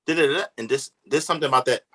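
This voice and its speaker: A man's voice: mid-range voice, very fast, sharp tone. A man who works as a relationship coach, talking as a podcast guest in a casual, earnest, emphatic way with loose informal grammar. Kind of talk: casual conversation.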